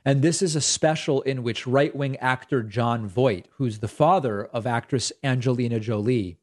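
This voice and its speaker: Guy hosting a politics show, mid pitch, casual and snarky, rambling asides. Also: normal speed, darkish tone. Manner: sarcastic, conversational, with fillers and asides. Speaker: political talk show host. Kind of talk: opinionated political commentary.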